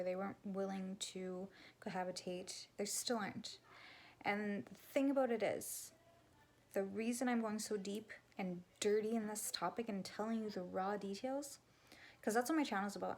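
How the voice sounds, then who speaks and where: A woman who is a vlogger and spiritual coach vents candidly to camera in a confessional talk, raw and blunt, swearing and sometimes dropping to a whisper. Her voice is gravelly, medium-pitched, and a little mellow.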